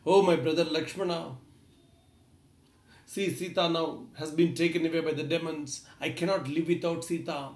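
A man's voice: fairly high pitch, steady tone, a little fast, hardly any pauses, roomy sound, pitched above the performer's own voice, close to an everyday voice. A man voicing a grief-stricken prince who laments and pleads with his brother, his voice raised. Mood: grieving lament.

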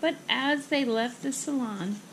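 A woman reading a children's picture book aloud with expressive, rhythmic phrasing. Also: high voice, measured pace, heavy background noise. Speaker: storybook reader.

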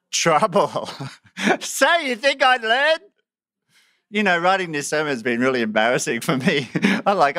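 Male preacher, smooth clear voice, slightly high, self-deprecating and animated. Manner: self-mocking, animated, laughs often. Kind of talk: sermon.

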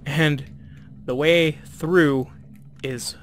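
A man giving relaxed, chatty, self-deprecating commentary while playing a video game. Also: medium pitch, a little slow, gravelly, slight background noise. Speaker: let's play host. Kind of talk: casual gameplay commentary.

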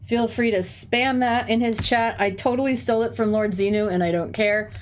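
A woman's voice: fairly high pitch, fairly even intonation, normal speed. Chatty young woman with a stuffy nose. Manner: chatty storytelling with frequent "like" and swearing. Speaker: teacher and game streamer. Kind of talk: casual chat while streaming.

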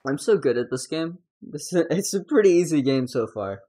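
A young adult woman streamer giving casual live game commentary, chatty and excitable and swearing freely. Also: low voice, normal speed, rough recording.

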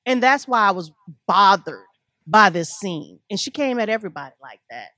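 A woman's voice: mid-range voice, very animated, moderate pace, pushed and bright, dry recording, studio quality. A woman co-hosting a casual review chat, blunt and sassy in her talk. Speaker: co-host of a reality TV review show.

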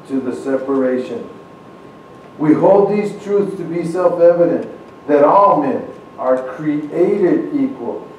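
A man's voice: a little high, mellow, muffled recording, slight background noise. A man addressing a congregation, reading old founding documents aloud and talking earnestly between them, often stopping to repeat his words. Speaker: church speaker. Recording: very echoey room, speaker far from mic.

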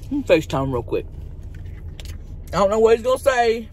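A woman's voice: a little high, very animated, brisk, darkish tone, slight background noise. A woman playing a crude trailer-park wife. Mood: chatty. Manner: crude, chatty drawl while eating. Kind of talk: comedic mukbang character sketch.

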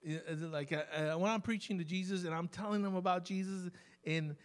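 Brief: male pastor at a church service, slightly higher voice, chatty storytelling sermon with slow emphatic stresses. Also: fairly even intonation.

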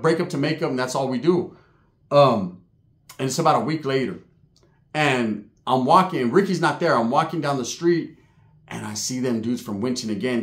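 A man telling a street story in slangy, casual talk, shouting high when he acts out other people. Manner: slangy, animated, voices others with loud high yells. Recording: echoey room.

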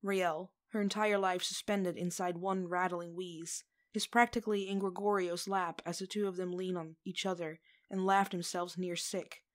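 A woman narrating a fan fiction story aloud in a gentle, measured way. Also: lowish voice, little pitch movement. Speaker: audiobook reader.

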